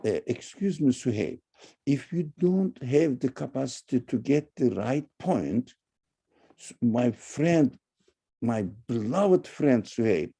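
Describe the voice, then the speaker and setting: Gravelly, emphatic man lecturing. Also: lively intonation, takes it slowly. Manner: emphatic, loud high-pitched bursts. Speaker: religious lecturer. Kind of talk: online lecture with Q&A.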